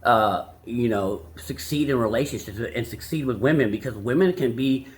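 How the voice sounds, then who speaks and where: A man with a medium-pitched voice vlogs casually at a moderate pace, summarizing a self-help book on dating advice in a loose, crude, rambling way full of restarts and asides. A little hiss or hum sits under the recording.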